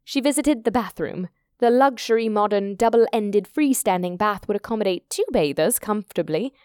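A woman's voice: mid-range voice, expressive, a little mellow, smooth, no room sound. Dry-voiced woman narrating a story. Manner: measured, descriptive storytelling. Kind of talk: audiobook narration.

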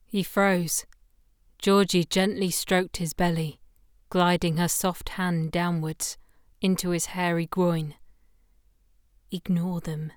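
Slow, smooth-voiced woman storyteller. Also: lowish voice, flat delivery, no echo, clean studio sound. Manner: slow, measured, intimate reading. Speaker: audiobook narrator. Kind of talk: scripted narration of adult fiction.

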